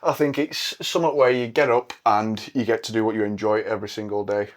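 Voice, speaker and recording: A man's voice: lowish voice, steady tone, fast. A man, a podcast guest chatting casually and reflecting on his answers.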